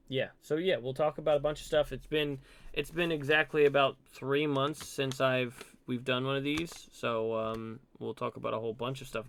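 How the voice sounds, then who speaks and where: A man hosting a casual podcast chat, talking haltingly with frequent restarts and fillers. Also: mid-range voice, gravelly, fairly bright tone, clear, resonant tone, no echo. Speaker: podcast host.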